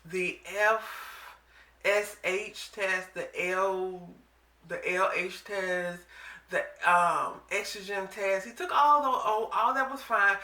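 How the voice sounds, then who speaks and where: A woman, telling a personal story in a casual vlog, animated and dramatic as she quotes people. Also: mid-range voice, takes it slowly, reverberant, distant mic. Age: 40s. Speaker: vlogger.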